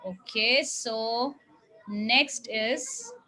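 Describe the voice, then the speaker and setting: Slow, high-voiced teacher woman. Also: very animated, pushed and bright, rough recording. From India. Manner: patient, drawn-out, coaxing teacher talk. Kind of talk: classroom phonics lesson with children.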